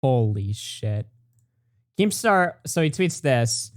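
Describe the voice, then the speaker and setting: A streamer reacting to a video in casual chat, swearing freely and reacting with loud disbelief. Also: mid-range voice, big pitch swings, slow pace. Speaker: livestream co-host.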